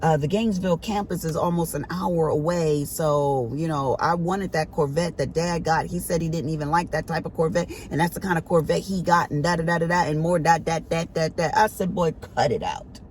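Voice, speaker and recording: A woman's voice: sits low, steady tone, brisk, few pauses, slight background noise. A middle-aged woman vlogging, telling a family story to her viewers in a chatty, emphatic, colloquial way.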